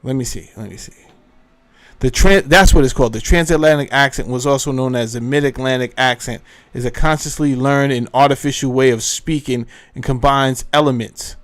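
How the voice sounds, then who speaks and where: A man's voice: medium pitch, brisk. A man hosting a casual commentary, rambling and interrupting himself as he looks things up. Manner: rambling, self-interrupting, thinking aloud. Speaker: host. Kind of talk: casual commentary while browsing clips.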